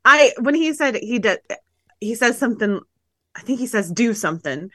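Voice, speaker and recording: A woman co-hosting a podcast, talking excitably in casual chat, laughing often and swearing freely. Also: a little high, normal speed, no room sound. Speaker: podcast co-host.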